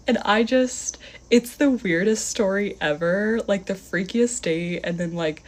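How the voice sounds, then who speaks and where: Animated young woman telling a story. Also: fairly low pitch, measured pace. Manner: breathless, full of "like", acts out quotes. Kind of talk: storytime vlog.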